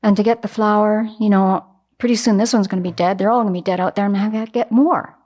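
A woman teaching Buddhism in a dharma talk, animated and acting out everyday examples. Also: mid-range voice, quick pace, lo-fi sound.

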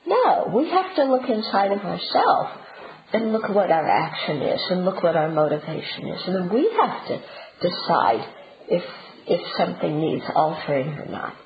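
A woman's voice: fairly low pitch, very animated, moderate pace. A woman giving a conversational Buddhist teaching talk, often checking in with her listeners. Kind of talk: dharma talk. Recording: roomy, dull and noisy.

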